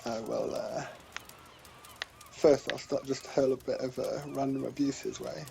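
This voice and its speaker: A man's voice: mid-range voice, flat delivery, unhurried, creaky, dark tone, a little hiss or hum. A man playing a tabletop game, chatting in a laid-back, joking way. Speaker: player. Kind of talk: casual chat.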